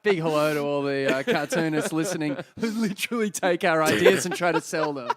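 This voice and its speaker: A man with a notably high voice co-hosts a casual podcast. He riffs with crude, quick banter and goes off on comic tangents. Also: a crowd in the background. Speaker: podcast co-host. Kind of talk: casual chat.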